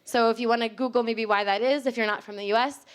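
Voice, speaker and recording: A woman's voice: a little high, fairly even intonation, fast talker, clean tone. A young American woman giving a casual public talk on linguistics to a live audience, chatty and laughing often. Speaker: linguistics speaker. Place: library event space with live audience.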